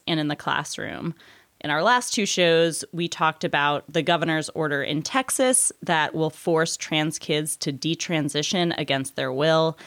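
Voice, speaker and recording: A woman's voice: low voice, a bit bright, no room sound. A woman hosting a podcast, a senior writer who moves from laughing banter into a read-out segment intro. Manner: laughs often, brisk and conversational. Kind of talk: casual chat and scripted intro.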